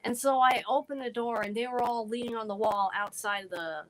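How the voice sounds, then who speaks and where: A woman's voice: on the high side, rough recording. Earnest woman telling a personal story. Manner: halting, earnest, restarts often. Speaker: podcast guest.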